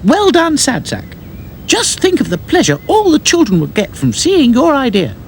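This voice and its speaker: A kind, sensible female rag doll speaks in a high, soothing voice, as a man reads her part. Her tone stays motherly and calm. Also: normal speed, creaky, slight background noise, heavily acted. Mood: encouraging.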